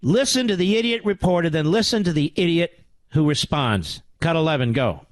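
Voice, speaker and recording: A middle-aged man hosting a talk radio show, ranting with sarcasm and swinging between loud outbursts and low mutters. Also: expressive, normal speed, dry recording. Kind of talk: angry talk radio monologue.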